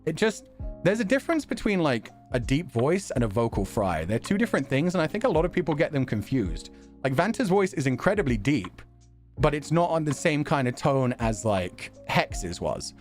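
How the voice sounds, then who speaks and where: Chatty male streamer with a lively voice. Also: a little high, normal speed, soft background music. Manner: chatty, laughs often, reacts to chat and videos. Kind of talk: casual stream chat.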